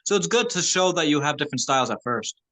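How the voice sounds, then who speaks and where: A man's voice: a little high, lively intonation, fast, sharp tone. A man from Canada chatting casually as a rapper, swearing freely and laughing easily. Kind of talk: casual chat.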